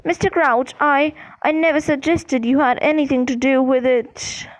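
A woman voicing a gruff, blustering middle-aged male wizard official who growls his words. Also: high voice, fairly even intonation, moderate pace, close to an everyday voice, poor audio. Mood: flustered.

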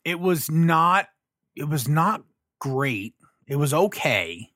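Brief: lively male co-host, bright tone, halting um-filled delivery, dry sound. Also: a little high, no echo. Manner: laid-back, hesitant, lots of ums. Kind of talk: casual movie review chat.

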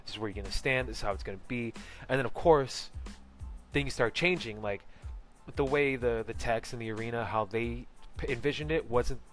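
A man's voice: medium pitch, fairly quick, soft background music. A man telling a casual story about a costumed event, rambling with many fillers and restarts and laughing often, into a close mic. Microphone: close personal mic.

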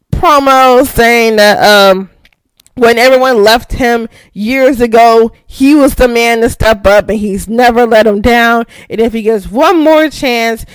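A young woman hosting a casual recap show, excitable, laughing often and swearing freely. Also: a little high, clean tone, dry recording. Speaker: podcast host.

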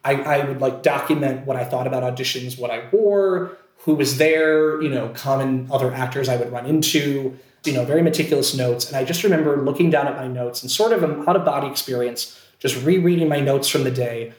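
A man, an actor, telling a personal story in casual chat, animated and self-deprecating, full of fillers and restarts. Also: mid-range voice, brisk, few pauses, echoey room. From Scranton, Pennsylvania, USA.

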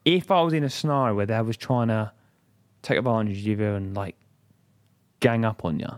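A man's voice: lowish voice, normal speed. A young man, chatting casually as a podcast co-host, rambling with stammers, restarts and plenty of swearing. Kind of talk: casual chat.

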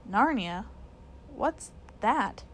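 A woman's voice: fairly high pitch, expressive, drawn-out words, fairly bright tone, exaggerated voice. A woman reading aloud, voicing a polite, curious young girl. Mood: puzzled.

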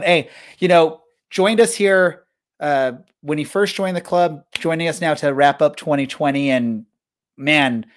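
A man hosting a soccer podcast in casual chat, rambling with many fillers and restarts. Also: fairly high pitch. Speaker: podcast host.

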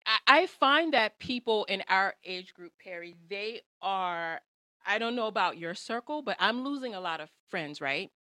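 A woman's voice: mid-range voice, expressive, moderate pace, bright, forceful tone, no echo, clean studio sound. Chatty, teasing woman host. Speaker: podcast host. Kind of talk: casual interview.

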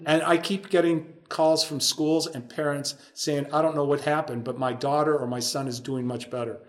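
A man, a guest in the conversation, tells a story and acts out the people in it as he goes. His voice sits a touch above the usual male pitch. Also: flat delivery, moderate pace. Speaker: podcast guest.

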